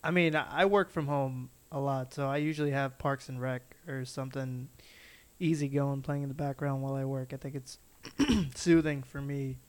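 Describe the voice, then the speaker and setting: A man co-hosts a podcast with dry, teasing remarks. His voice is mid-pitched and ordinary. He sounds casual and unhurried. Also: steady tone. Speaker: podcast co-host. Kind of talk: casual chat.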